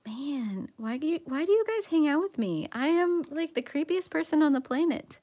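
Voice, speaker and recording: A woman hosts a coloring livestream, chatting casually with her live viewers in a playful, self-deprecating way and sometimes dropping to a whisper as she focuses. Her voice is high and expressive but dark in tone, at a moderate pace.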